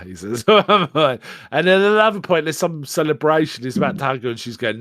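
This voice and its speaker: A man's voice: on the high side, animated, brisk, hardly any pauses, fairly bright tone, no room sound, studio quality. A man co-hosting a casual podcast, chatting about a film and retelling scenes with quoted lines. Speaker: podcast co-host.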